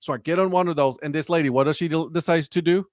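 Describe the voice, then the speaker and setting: Co-host, male, lively storyteller, slightly high voice, dry mic. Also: fast, no echo. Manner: animated storyteller, acts out dialogue. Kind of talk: casual sports chat. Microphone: live stream remote mic.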